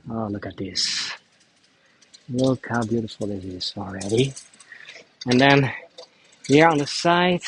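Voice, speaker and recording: A man's voice: mid-range voice, a little hiss or hum, rough recording. A Dutch man, a native Dutch speaker using English, guides a cycling tour of a city outdoors and explains at length with frequent restarts. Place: outdoors in a city square, riding a bike.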